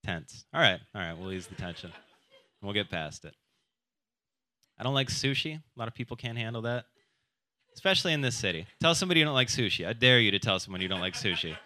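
A man works through a stand-up set with crude, self-deprecating jokes and keeps slipping into quick quoted voices. His voice sits a little low but comes out bright and forceful, and it is recorded dry and close with little room sound. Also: expressive, dry recording. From South Dakota. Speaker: stand-up comedian.

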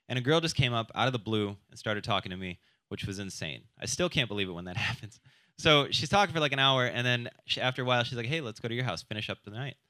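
A man's voice: lowish voice, sharp tone, no room sound. Brash self-mocking male stand-up comic. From South Dakota. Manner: crude, self-deprecating, quick shifts into quoted voices. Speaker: stand-up comedian. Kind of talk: stand-up comedy set.

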